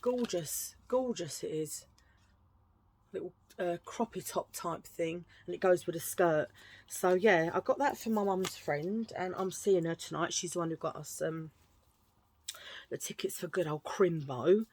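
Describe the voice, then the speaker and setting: A woman's voice: lowish voice, measured pace, darkish tone, husky. A woman chatting casually through a thrift-shop haul at home, gushing and rambling with restarts. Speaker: vlogger showing a thrift haul.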